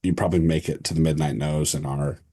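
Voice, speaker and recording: A man's voice: rumbling low, steady tone, fast talker, mellow. A man running a tabletop role-play as game master, describing scenes loosely with many fillers.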